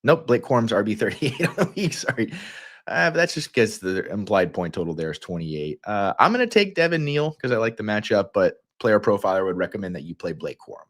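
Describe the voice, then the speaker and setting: A man with a Southern American accent, hosting a fantasy football livestream in a playful, rambling way with quick energetic bursts. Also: lowish voice. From Kentucky. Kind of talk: casual livestream talk.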